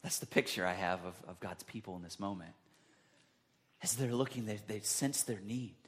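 A man preaching a sermon, acting out the people's words with sudden jumps in pitch and loudness. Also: moderate pace. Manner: dramatic, acts out quotes with big pitch jumps. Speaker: pastor.

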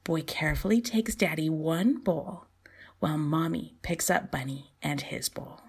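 A woman host reading her own short story aloud, softly and often in a near whisper, with a breathy voice. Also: deep voice, animated, measured pace. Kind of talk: storybook narration.

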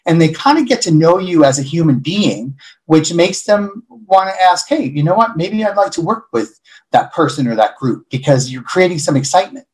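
Animated man telling stories in an interview. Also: fairly high pitch, normal speed, rough recording. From Buffalo, New York. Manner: animated storyteller who acts out quoted voices. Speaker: interview guest, hospitality leader. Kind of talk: casual interview storytelling.

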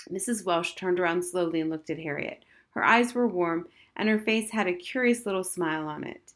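A woman reads a children's novel aloud in steady scripted narration. Her voice sits a little low for a woman. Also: moderate pace, hardly any pauses. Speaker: audiobook narrator.

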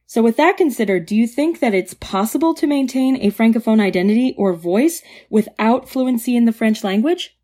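Woman, podcast host, mellow tone, articulate, long careful questions. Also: on the high side, lively intonation, normal speed, few pauses. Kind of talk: prepared interview questions.

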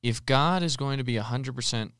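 A man's voice: mid-range voice, brisk, clear, resonant tone. A man co-hosting a podcast, talking about faith casually and acting out little scenes as he explains. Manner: animated storyteller acting out quotes. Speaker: podcast co-host.

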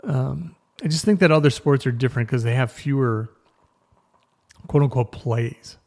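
Guy with a gravelly voice rambling thru the news, lots of ums and restarts. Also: medium pitch, normal speed, a little mellow. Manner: rambling, self-interrupting, chatty. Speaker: news podcast host. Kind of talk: casual news chat.

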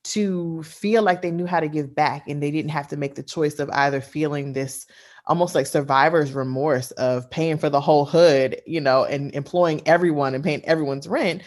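Low-voiced woman, a bit out of breath. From Washington, D.C. area. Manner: candid, laughs often, zigzagging sentences with fillers. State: slightly out of breath, pregnant. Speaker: guest. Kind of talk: conversational interview.

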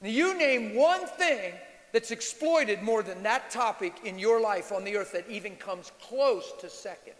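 A man preaching a sermon as a pastor, moving from hushed storytelling to shouted, animated exhortation. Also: sits high, unhurried. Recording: long hall reverb.

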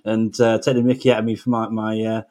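A man's voice: fairly low pitch, little pitch movement, fast, a little mellow. A man co-hosts a show in a chatty way. He is hesitant and fills his talk with uhs. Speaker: co-host.

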